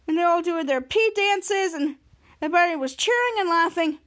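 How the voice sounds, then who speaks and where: A woman hosting a podcast, retelling a TV episode in a rambling, excited way and acting out the characters' lines. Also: extremely high pitch, normal speed. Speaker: podcast host. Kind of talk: casual episode recap.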